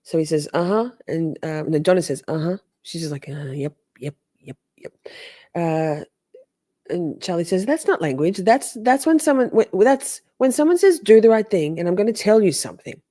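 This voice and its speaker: A woman's voice: lowish voice, sing-song, brisk, hardly any pauses, mellow. A woman hosting a casual trial recap, chatty and sarcastic, often acting out quotes in different voices. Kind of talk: casual livestream commentary.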